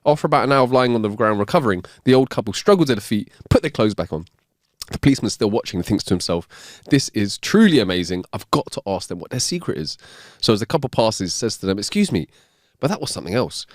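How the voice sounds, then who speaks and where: A man's voice: fairly low pitch, big pitch swings, quick pace, no room sound, studio quality. A man co-hosting a casual podcast, telling long, rambling jokes and laughing at his own lines. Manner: laughs often, rambling joke-teller. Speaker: podcast co-host.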